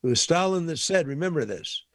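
A man's voice: on the high side, lively intonation, fairly quick, fairly bright tone, no room sound, clean studio sound. A man giving impassioned political commentary, emphatic and repeating his points for force.

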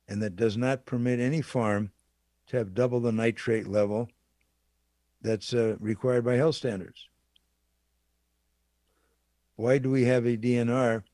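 A man's voice: mid-range voice, dark tone, no room sound. Man giving an impassioned political speech, dry sound. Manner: rhetorical questions, emphatic repetition. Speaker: political speaker.

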